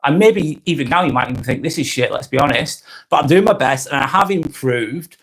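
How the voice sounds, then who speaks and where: A man's voice: fairly high pitch, animated, a little fast, a bit bright. Lancashire man, YouTuber on a live stream, rambling and earnest, lots of self-corrections. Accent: Lancashire (Blackburn). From Lancashire, northwest England. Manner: rambling and reflective, frequent restarts and self-corrections. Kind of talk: casual live-stream monologue.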